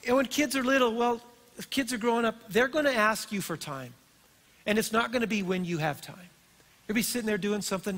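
An older man preaching a sermon in a church, telling stories in an animated, storytelling way. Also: sits high, brisk. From Colorado, USA. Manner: storytelling, animated and warm-hearted. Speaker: pastor. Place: church auditorium. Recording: long hall reverb.

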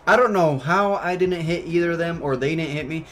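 A young man chatting casually over gameplay, telling a story full of swearing and fillers, and getting loud and worked up at the game. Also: on the high side, fairly quick, a little hiss or hum. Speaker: gaming YouTuber.

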